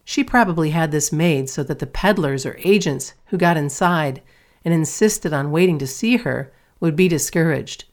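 A woman's voice: low-pitched, expressive, moderate pace. A woman voicing an earnest young girl. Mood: apologetic. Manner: earnest and hospitable. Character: warm well-mannered young girl.

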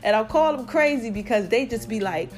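A woman's voice, pitched a little high, carries a New Jersey accent blended with a Southern lilt. She rambles in animated slang, telling her viewers about her faith. Light music plays faintly behind her. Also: fairly quick. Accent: New Jersey mixed with Southern US. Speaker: vlogger. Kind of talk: casual faith testimony vlog.

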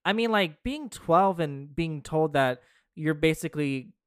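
A podcast co-host talking through ideas in casual chat, hedging and restarting as thoughts form. The voice is smooth and clear, recorded dry and close with no room sound. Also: mid-range voice, animated, measured pace, no echo.

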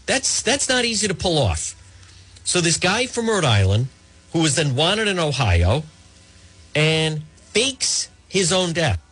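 Husky, sarcastic talk radio host. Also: male voice, on the high side, sing-song, a little slow, a bit bright. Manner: sarcastic, rambling, with mock quotes and asides.

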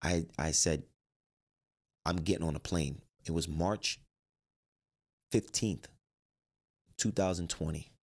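A man telling a personal story in lively, dialogue-filled storytelling, acting out what he and others said. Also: low-pitched, takes it slowly, pauses often, slightly rough. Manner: animated, quotes himself and others in dialogue. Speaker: life coach and trainer.

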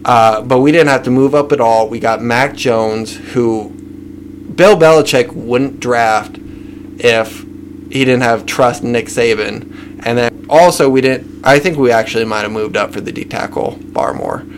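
A man hosts a loose sports podcast, reeling off lists at a steady middle pitch and needling his guests. A faint hiss of noise sits under his voice. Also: a little slow. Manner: runs through lists, teasing. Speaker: podcast host. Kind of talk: casual sports chat.

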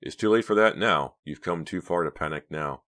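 A man's voice: low voice, expressive, a little fast, a bit bright, no echo. A man voicing a nervous teenage girl in a storybook reading, talking in tense whispers. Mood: anxious.

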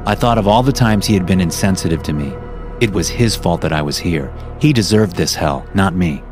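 A man's voice: animated, a little fast. A man narrating a first-person horror story for a podcast, reading it as a script and lifting his voice for the quoted lines. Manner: acts out quoted lines louder and higher. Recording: music playing under the voice.

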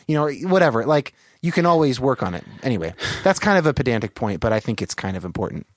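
A man's voice: mid-range voice, sing-song, fast, few pauses, no room sound. Guy hosting a podcast chat, kinda careful and rambly, dry close sound. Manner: thoughtful, qualifying, frequent fillers. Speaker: podcast host. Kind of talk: casual conversation.

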